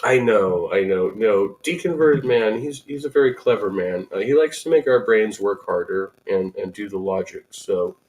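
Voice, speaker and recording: A man's voice: on the low side, moderate pace, hardly any pauses, a little mellow, low-quality recording. A man casually reading and reacting to a blog post, rambling and sarcastic, full of restarts and asides. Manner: rambling, sarcastic, with many restarts and self-corrections. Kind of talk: casual commentary.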